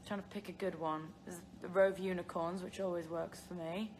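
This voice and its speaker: Her voice is on the low side and darkish, fairly quick with fairly even intonation, and a little hiss or hum runs underneath. She's a young English actress reading fan questions and chatting casually on a phone livestream, laughing often and using filler words.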